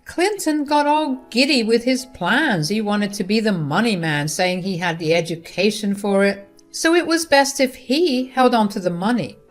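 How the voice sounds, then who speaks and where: A woman's voice: medium pitch, lively intonation, normal speed. A woman narrating a first-person revenge story in a wry, dramatic way. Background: faint guitar music.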